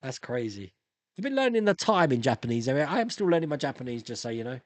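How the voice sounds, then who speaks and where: A man's voice: medium pitch, fast talker, dry recording. A man in his fifties from England, hosting a casual live stream, chatting and reading out viewer comments with frequent laughs. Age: 50s. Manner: chatty, animated, laughs often.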